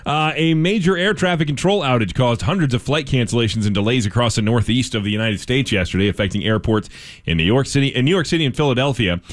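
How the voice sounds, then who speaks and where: A man's voice: mid-range voice, fast talker. A man hosting a local radio show, reading news items with casual asides and fillers.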